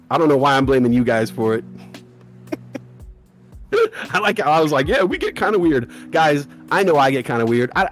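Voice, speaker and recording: A man hosting a live trading stream, joking with his chat and laughing often. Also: mid-range voice. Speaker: livestream host. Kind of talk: casual livestream chat and scripted channel read.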